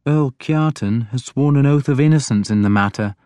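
Audiobook figure: a stern, shrewd king speaking in a measured voice a few steps above his usual register, put on by the male narrator. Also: medium pitch, warm tone, clear, resonant tone, dry recording, clean studio sound, pitched above the performer's own voice, close to an everyday voice. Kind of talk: audiobook character voice.

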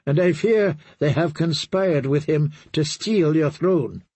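A man's voice: fairly high pitch, takes it slowly, warm tone, slightly rough, no echo, pitched above the performer's own voice, heavily acted. A man voicing a proud, scheming princess.

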